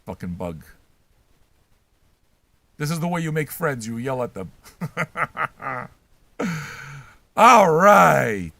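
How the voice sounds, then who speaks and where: Older man, host, profane casual rant, mocking, dry close sound, slightly high voice. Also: big pitch swings, drawn-out words, creaky, long pauses, no room sound. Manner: crude, shouting, mocking. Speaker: host reacting to records.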